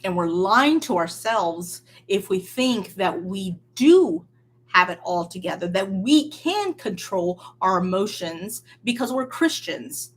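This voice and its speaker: Slow, breathy woman preaching a sermon. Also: medium pitch.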